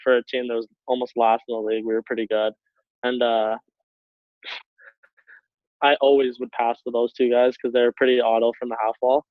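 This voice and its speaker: Young man, from Canada, relaxed storyteller, laughs a lot, tinny phone line, dry sound. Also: mid-range voice, brisk, pauses often, no echo. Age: young adult. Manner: laughs often while telling stories, relaxed, filler-heavy. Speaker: guest, hockey player. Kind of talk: casual storytelling. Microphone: call over internet.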